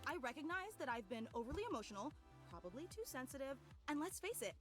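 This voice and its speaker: A clingy, gushing fan. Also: female voice, high-pitched, big pitch swings, fast talker, over music. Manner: gushing, tearful, apologetic. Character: emotional clingy female fan, adoring and apologetic. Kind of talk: video game voice acting.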